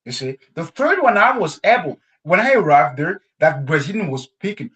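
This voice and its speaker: Animated Congolese man, high lively voice. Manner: animated storytelling, halting non-native phrasing. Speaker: guest sharing language-learning story. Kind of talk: conversational interview.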